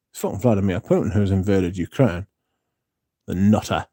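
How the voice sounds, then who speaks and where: A man's voice: low-pitched, moderate pace, dark tone, no room sound, studio quality. A man hosting a livestream, chatting casually with viewers in a blunt, sweary, rambling way. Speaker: livestream host reading viewer chat.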